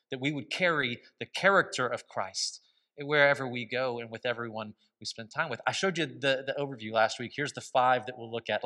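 A man's voice: medium pitch, bright, forceful tone. A man preaching a sermon as pastor, telling stories with a conversational, humorous manner.

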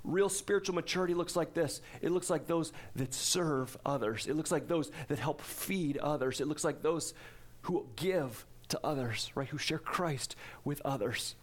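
A pastor in his forties preaching a sermon in a relaxed, conversational way, breaking off for asides and rhetorical questions. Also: a little high, moderate pace.

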